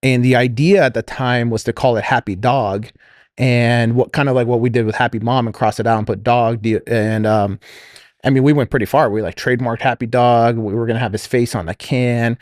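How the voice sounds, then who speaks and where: A man's voice: mid-range voice, fairly quick, no room sound, clean studio sound. A man casually telling a business story on a podcast, rambling with fillers and restarts and quoting others. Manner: quotes others in lively voices.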